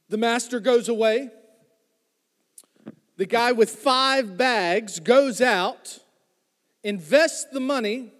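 A man's voice: sits high, long reverb tail. A man preaching a sermon, reading scripture and retelling it in a joking, conversational way, calling out to the congregation. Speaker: pastor.

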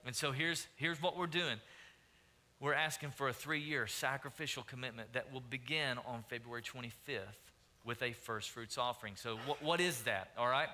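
A man's voice: medium pitch, moderate pace, slight background noise. A man preaching a sermon as pastor, repeating phrases and calling out questions to the congregation. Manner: preaching, rising to loud emphatic calls; repeats and restarts phrases, asks the crowd questions.

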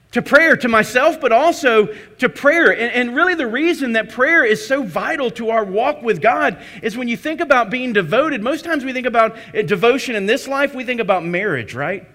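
A man's voice: high voice, bright, forceful tone. A man preaching a sermon to his church, emphatic, with repeated phrases and rhetorical questions. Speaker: pastor.

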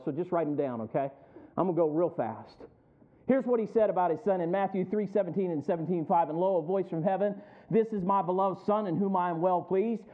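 A male pastor preaching a sermon, rising in emphasis and calling out to the congregation for responses. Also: high-pitched. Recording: tinny phone-like sound.

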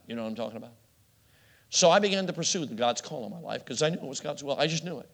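A man's voice: mid-range voice, expressive, fast talker, creaky, in a large hall. A middle-aged man preaching a sermon, telling a personal story with self-deprecating humor and frequent laughs.

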